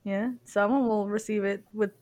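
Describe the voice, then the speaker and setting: A young woman co-hosting a casual joking chat, giggly and deadpan, often trailing off mid-sentence. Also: mid-range voice, moderate pace. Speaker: co-host answering questions.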